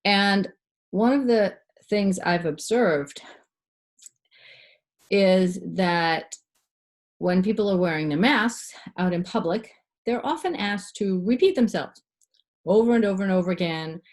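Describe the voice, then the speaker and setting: A middle-aged woman voice coach giving a clear, demonstrative lesson, shifting her pitch and loudness to show techniques. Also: lively intonation, measured pace, long pauses. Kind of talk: instructional talk to camera.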